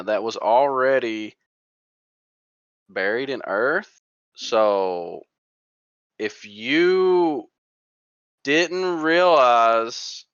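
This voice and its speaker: A man's voice: medium pitch, fairly bright tone, clear, resonant tone, no room sound, lo-fi sound. A man co-hosting a casual gaming podcast, rambling and restarting his sentences with fillers as he recaps. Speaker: podcast co-host.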